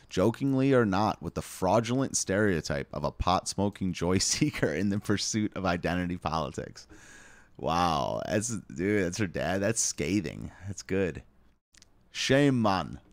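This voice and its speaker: A man's voice: low-pitched, dry recording. A man hosting a casual live stream, reading headlines aloud with wry asides and chuckles. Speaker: live show host.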